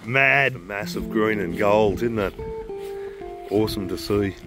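A man's voice: on the low side, slow. An Australian man vlogging outdoors in the bush with casual, enthusiastic commentary on wildlife and views. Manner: enthusiastic, keeps calling things mad and magic. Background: guitar music.

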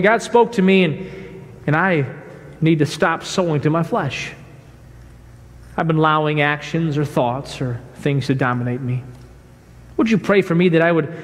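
A man preaching a sermon as pastor, emphatic, swinging from shouts to hushed, quiet lines. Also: a little high, long reverb tail. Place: church sanctuary.

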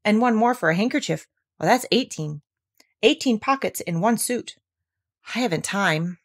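A woman's voice: medium pitch, expressive, husky. A woman doing a bossy scheming rabbit. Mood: brisk. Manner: brisk, commanding, solemn. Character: bossy clever male rabbit, self-important planner.

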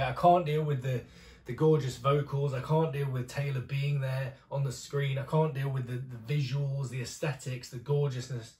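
A man's voice: mid-range voice, steady tone, normal speed, darkish tone, reverberant. A young British man reacting to a music video, gushing and exclaiming as he is overwhelmed, with some swearing. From Britain.

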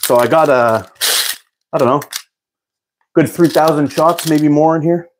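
A man's voice: on the high side, measured pace, a little hiss or hum. A man hosting a live stream, chatting casually with viewers in a rambling way and laughing often. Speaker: live-stream host answering chat.

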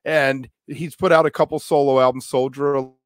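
A man's voice: mid-range voice, fairly even intonation, moderate pace, no room sound, clean studio sound. A man with a Baltimore accent, co-hosting a casual podcast chat and recalling details in a laid-back, rambling way. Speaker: podcast co-host.

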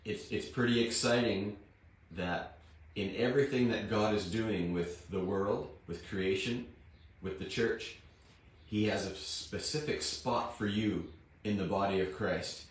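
Man, devotional host, unhurried homely talk, very echoey room, distant mic. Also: fairly low pitch. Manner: homely and plain-spoken, with gentle asides. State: rough morning voice. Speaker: devotional host and Bible reader.

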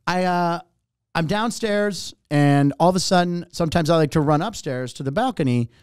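A middle-aged man, a comedian and warm-up host, telling an animated, profane story and acting out other people's lines. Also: fairly high pitch, moderate pace, clean tone, dry recording, clean studio sound. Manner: animated, profane, acts out other voices in anecdotes. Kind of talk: casual storytelling.

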